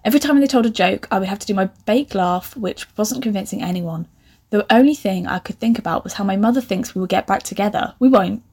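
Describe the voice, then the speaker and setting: A woman in her twenties with an animated, laughing manner, reading out her old writing and mocking it with sarcastic asides. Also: mid-range voice, breathy edge. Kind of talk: comic reading with commentary.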